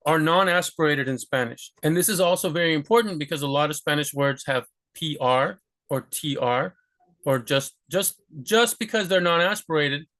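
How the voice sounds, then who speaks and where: A man's voice: a little high, fairly bright tone. A man giving a casual pronunciation lesson, chatty and full of fillers, repeating words over and over to demonstrate. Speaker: language teacher.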